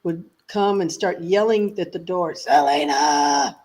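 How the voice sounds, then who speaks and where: A woman singer being interviewed, telling stories in a lively, chatty way and laughing often. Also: on the low side, moderate pace. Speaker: singer guest. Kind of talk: casual interview chat.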